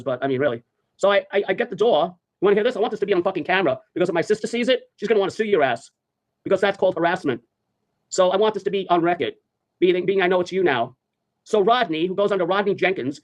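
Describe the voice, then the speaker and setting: Fast, high-voiced ranting male streamer. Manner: rambling, profane, repeats phrases. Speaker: live streamer. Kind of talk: ranting livestream storytelling.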